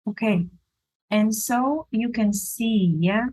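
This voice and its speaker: Slow, halting woman art teacher. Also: on the high side, dark tone, poor audio. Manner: halting, searching for words; unhurried, thinking aloud while drawing. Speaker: art instructor. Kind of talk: drawing demonstration lesson.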